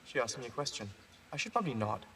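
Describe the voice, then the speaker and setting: A man's voice: medium pitch, big pitch swings, fast talker, fairly bright tone. An actor playing a shy young male scientist murmuring his inner thoughts to himself. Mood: musing. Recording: distant, noisy TV clip.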